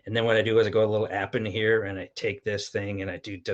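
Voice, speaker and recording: Bright, pushy sales-pitch man. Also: little pitch movement, racing, few pauses. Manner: pushy, hyped salesman patter with mild swearing. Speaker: host selling his own product. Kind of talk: live-streamed sales pitch answering viewer chat.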